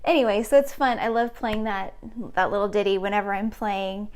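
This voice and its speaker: A woman's voice: medium pitch, steady tone, a little fast, darkish tone, clean tone. A woman in her late twenties chatting casually with her live-stream viewers between piano pieces, reading out and answering chat comments. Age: late 20s.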